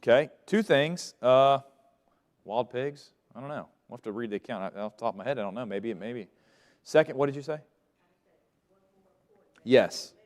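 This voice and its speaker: A man's voice: medium pitch, expressive, normal speed, pauses often, darkish tone. A man teaching a Bible lesson to a class, asking questions and letting them fill in the answers. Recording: long reverb of a large room.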